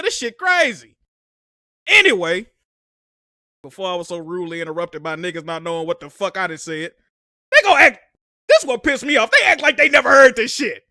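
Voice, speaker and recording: A man's voice: very high-pitched, no room sound, studio quality. A young man, streaming and ranting profanely about a game console event. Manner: profane, animated, exasperated ranting. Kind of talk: ranting live stream commentary.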